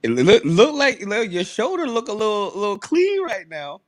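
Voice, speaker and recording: A man co-hosting a podcast, chatting excitedly and repeating himself for emphasis. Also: sits high, moderate pace. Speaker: podcast co-host. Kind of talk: casual chat.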